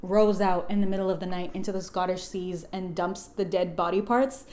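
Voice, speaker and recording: A young woman retelling a gothic novel as a comedy, in a profane, slangy, deadpan way. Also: fairly low pitch. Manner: profane, slangy, deadpan storytelling with quick paraphrased quotes. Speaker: video host retelling a novel. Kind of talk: irreverent comedic book summary.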